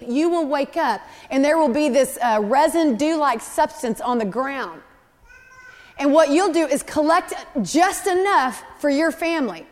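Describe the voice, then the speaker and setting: High-voiced woman preaching in a hall. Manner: animated, conversational storytelling with voiced asides. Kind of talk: sermon.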